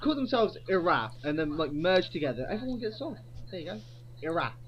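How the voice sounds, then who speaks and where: A man's voice: sits high, very animated, fairly quick, highs cut off, over a noisy crowd. A man co-hosting a podcast in casual comedy chat, rambling and swearing a lot. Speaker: podcast co-host.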